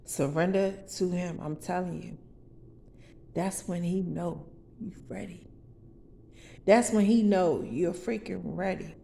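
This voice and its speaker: A woman's voice: fairly low pitch, takes it slowly, creaky, long pauses, warm tone, a little hiss or hum. A woman vlogging in a rambling, profane confessional monologue that turns to preaching, with sudden outbursts and stumbling restarts.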